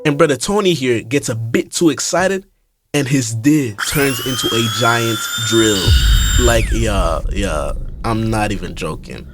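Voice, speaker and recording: Young guy, mid-pitch, slang-heavy comic recap over soft music. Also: unhurried. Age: young adult. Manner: slangy, animated, keeps saying bro. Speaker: YouTuber. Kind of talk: comedic movie reaction commentary.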